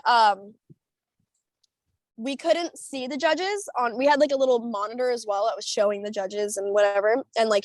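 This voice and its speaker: Young female singer, high-ish voice, bubbly and rambling, dry close video-call sound. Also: no room sound. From United States. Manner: bubbly, animated, rambling with many fillers and laughs. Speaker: singer being interviewed. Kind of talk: casual storytelling over a video call.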